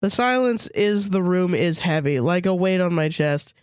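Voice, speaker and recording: A woman's voice: fairly low pitch, animated, moderate pace, a little mellow, no echo, clean studio sound. A woman co-hosting a podcast, reading a story aloud with casual, crude asides. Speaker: podcast co-host.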